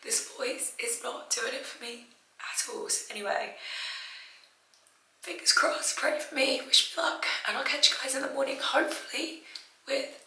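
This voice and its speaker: A woman vlogging late at night with her voice nearly gone, hoarse and whispery, straining softly through a sore throat. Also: high voice, normal speed, echoey room, recorded from a distance, a little hiss or hum, rough recording. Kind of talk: casual vlog to camera. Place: indoors at night after a night out.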